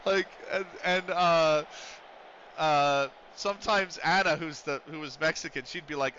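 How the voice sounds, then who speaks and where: A chatty man talks through a game stream in a bright, forceful voice pitched a bit high. He rambles from story to story and swears casually. The audio is a little dull and lo-fi. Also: a little slow, a little hiss or hum. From United States.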